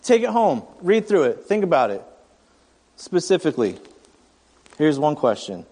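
A man's voice: on the high side, very animated, moderate pace, mellow. A man preaching a sermon in a conversational way, telling personal stories between scripture readings. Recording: long church reverb.

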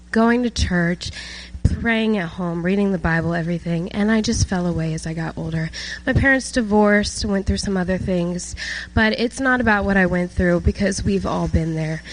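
A woman's voice: medium pitch, low-quality recording. Earnest nineteen-year-old woman giving testimony. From South Georgia, USA. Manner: earnest, emotional, many fillers. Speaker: testimony speaker at a church service. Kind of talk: personal testimony. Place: church.

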